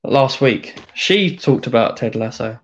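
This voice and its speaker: A man's voice: medium pitch, animated, a little slow, lo-fi sound. A man with an English accent co-hosting a podcast, easygoing and answering in short replies. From England. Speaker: podcast co-host. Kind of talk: casual chat.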